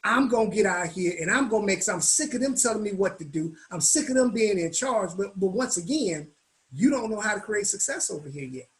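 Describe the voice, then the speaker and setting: A man's voice: sits high, a little fast, low-quality recording. Colloquial man telling stories. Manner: animated, colloquial, acts out quoted voices. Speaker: guest speaker. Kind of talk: storytelling in a business meetup talk.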